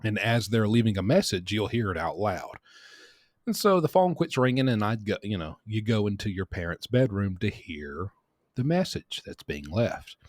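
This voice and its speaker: Podcast guy rambling through a story, low voice, very animated, dry close mic. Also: normal speed, dry recording. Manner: rambling, animated, with self-corrections. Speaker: podcast host. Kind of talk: casual storytelling.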